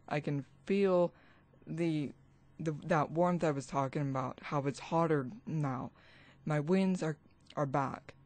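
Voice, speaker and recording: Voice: mid-range voice, a little mellow, no room sound. A spiritual vlogger ranting alone into a computer mic, agitated and rambling, restarting sentences and swearing. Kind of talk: ranting vlog monologue.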